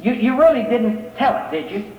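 A man's voice: extremely high pitch, lively intonation, moderate pace. A man preaching a sermon in a conversational way, asking his listeners rhetorical questions. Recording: echoey hall, dull lo-fi sound.

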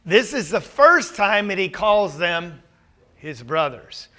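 A man leads a Bible study, his voice pitched high with a bright, forward edge. He talks the class through it in a conversational way and keeps checking in with rhetorical questions. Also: sing-song, slow pace.

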